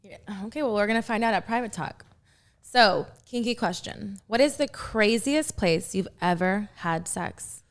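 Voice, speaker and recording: A woman hosting a casual interview, talking in a soft, breathy, sultry way. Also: mid-range voice, moderate pace. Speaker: host. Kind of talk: casual flirty interview chat.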